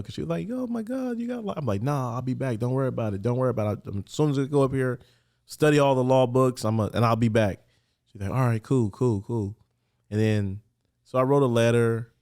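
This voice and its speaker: A man's voice: mid-range voice, darkish tone. A man who is a podcast guest, candidly and earnestly telling his personal story in casual street talk in a studio.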